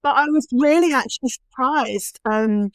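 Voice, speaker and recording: A young adult woman hosting a casual podcast conversation about baby loss, speaking candidly and getting animated when frustrated. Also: high voice, moderate pace, no room sound, studio quality. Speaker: podcast host.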